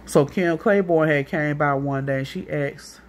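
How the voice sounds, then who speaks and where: A woman's voice: low voice, measured pace, slight background noise. A woman with a St. telling a long, rambling, profane story in a casual monologue, acting out what other people said. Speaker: vlogger.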